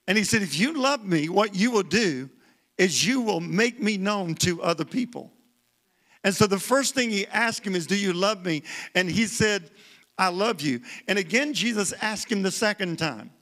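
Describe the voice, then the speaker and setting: A man's voice: high voice, expressive, normal speed, a bit bright. A man preaching a sermon as a guest speaker in a church, repeating himself for emphasis and calling out to the congregation for responses. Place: church sanctuary.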